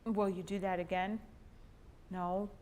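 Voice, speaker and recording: A woman's voice: on the low side, little pitch movement, a little slow, a little mellow, slight background noise. A woman in her thirties teaching a women's church class, telling a personal story and acting out the quoted lines.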